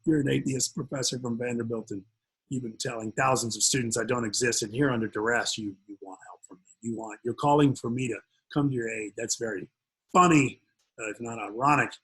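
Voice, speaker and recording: A man voicing a mocking male god who laughs scornfully at a professor, with a husky tone. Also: mid-range voice, brisk, a bit bright, rough recording.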